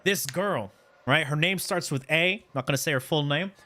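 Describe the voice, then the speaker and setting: Streamer in his thirties from Canada, fairly high and very bright voice, loose slangy storyteller who swears a lot. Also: moderate pace. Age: 30s. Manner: animated, slangy, profane, repeats "right?". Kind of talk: casual storytelling to chat.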